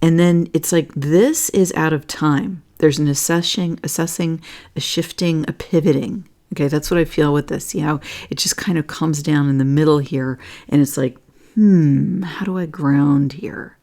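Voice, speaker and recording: Her voice sits low with a darkish tone, fairly even intonation, and a moderate pace. She's an astrology and energy reading host chatting casually over charts, rambling with lots of fillers and checking in with "okay?" often, earnest and at times emotional.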